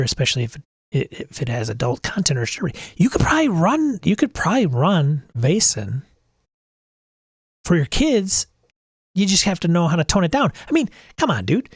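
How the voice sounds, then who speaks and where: A man's voice: a little high, very animated, brisk, slightly rough, no echo, studio quality. Blunt exasperated middle-aged man host. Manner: blunt, exasperated, swears casually. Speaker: podcast host. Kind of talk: casual livestream talk.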